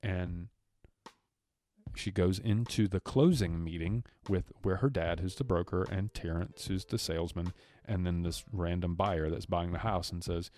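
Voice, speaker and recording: This co-host's low, slightly mellow voice keeps a measured pace as he casually recaps a film on a podcast. He acts out the characters' dialogue, wandering loosely and restarting frequently.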